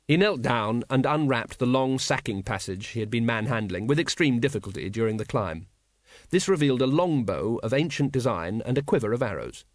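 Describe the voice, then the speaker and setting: A man narrating an audiobook with lively, expressive storytelling. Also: medium pitch, fairly quick, dry recording, clean studio sound.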